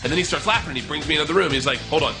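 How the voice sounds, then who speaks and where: A man in his thirties telling a comic story, animated and profane, acting out the voices of the people in it. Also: on the high side, rapid-fire, creaky, music in the background. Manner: animated, profane, acts out quotes.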